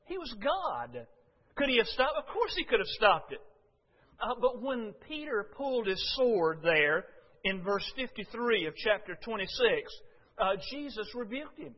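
High-voiced preacher in a reverberant hall. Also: male voice. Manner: impassioned, rising loud when quoting Jesus. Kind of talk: sermon. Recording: dull lo-fi sound with long hall reverb.

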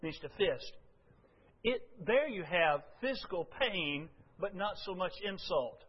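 High-voiced preacher in a reverberant hall. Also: male voice, expressive, measured pace, breathy edge. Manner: impassioned, rising loud when quoting Jesus. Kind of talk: sermon. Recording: dull lo-fi sound with long hall reverb.

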